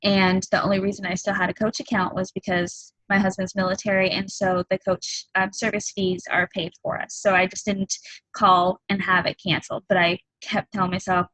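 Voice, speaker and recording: A woman in her thirties tells her own story as a coach on a group call. She speaks openly and earnestly and stops often on ums. Her voice is bright and forward, and the sound is close and dry. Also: medium pitch, little pitch movement, no room sound, low-quality recording. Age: 30s. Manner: candid and earnest, halting with frequent ums. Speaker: fitness coach. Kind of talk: personal testimony on a group call.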